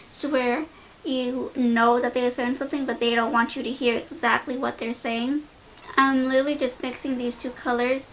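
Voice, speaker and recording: A young woman beauty vlogger telling an animated, slangy story while doing her makeup. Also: high voice, slight background noise. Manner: animated, slangy, dramatic retelling.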